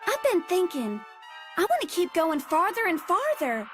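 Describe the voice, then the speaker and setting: Actress as sunny young anime girl, high lilting voice, music bed. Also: wildly swooping pitch, normal speed, heavily acted. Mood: dreamy, eager. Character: cheerful young anime girl, eager and dreamy. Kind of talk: anime dub acting. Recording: played clip with music underneath.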